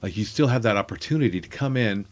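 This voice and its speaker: A man's voice: on the low side, expressive, fast talker. A man who is a comedian guest, telling a rambling story in a casual way, with many asides and fillers.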